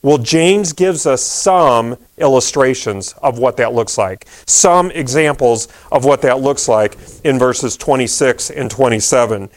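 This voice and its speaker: A man's voice: mid-range voice, unhurried, hardly any pauses. A man pastor preaching a sermon in a conversational way, repeating key phrases and using fillers.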